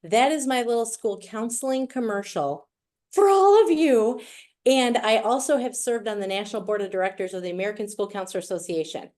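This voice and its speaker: A woman's voice: medium pitch, fast talker, few pauses, darkish tone. A middle-aged woman with a Wisconsin accent giving a chatty, playful presentation over a video call. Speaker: guest speaker. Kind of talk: virtual presentation.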